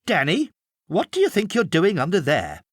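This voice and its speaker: A man's voice: high-pitched, huge pitch swings, moderate pace, no echo, clean studio sound, pitched above the performer's own voice, full character voice. A man voicing an exasperated mother who nags her son to go outside. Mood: coaxing. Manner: coaxing, exasperated.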